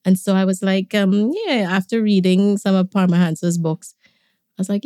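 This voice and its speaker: A woman, a podcast guest, tells stories about her family in a relaxed way and laughs often. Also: on the low side, normal speed, no room sound, clean studio sound. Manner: warm reminiscing, laughs often. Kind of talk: conversational storytelling.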